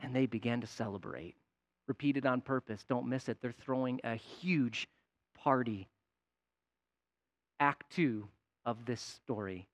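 A man preaching a sermon, animated, rising to a shout at points. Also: mid-range voice, measured pace, long pauses. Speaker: pastor.

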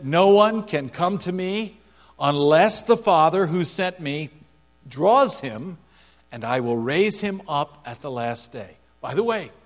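A male pastor preaching a sermon, emphatic, repeating key phrases for stress. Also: on the high side. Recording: long hall reverb with mains hum.

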